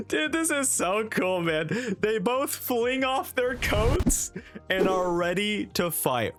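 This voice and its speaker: A man hosting a casual manga reaction, excitedly talking through panels and quickly reading out lines. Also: high-pitched, soft background music. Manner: excited, reads dialogue in quick voices.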